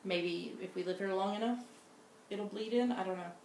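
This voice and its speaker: A woman's voice: mid-range voice, normal speed, darkish tone. Chatty mother, roomy sound. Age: middle-aged. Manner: chatty, rambling with many fillers and restarts. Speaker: podcast co-host, mother. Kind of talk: casual chat. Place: home in Scotland. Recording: roomy echo, faint noise.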